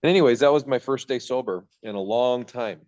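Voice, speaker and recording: A Michigan man in his thirties, guesting on a podcast, tells his own story candidly in a brisk, medium-pitched, slightly mellow voice. He rambles and cuts himself off while acting out his old thoughts, and the sound is dull and lo-fi.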